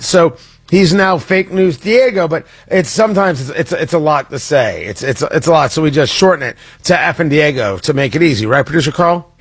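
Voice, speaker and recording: A man's voice: fairly high pitch, breathy edge, dry recording. A man hosting a political talk radio show, speaking in a sarcastic, mocking monologue with frequent restarts.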